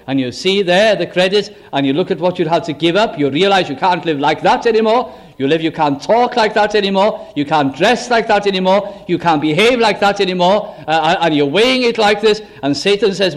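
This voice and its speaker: A man preaching an evangelistic sermon, emphatic, full of rhetorical questions, his voice swooping between high and low. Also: moderate pace.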